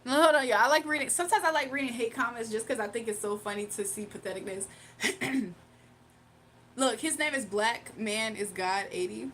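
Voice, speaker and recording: A woman's voice: fairly high pitch, moderate pace, a bit bright, slight background noise. A woman from Virginia hosting a live stream, chatting casually, reading viewer comments, and teasing them playfully with frequent laughter. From Virginia, USA. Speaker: livestream host.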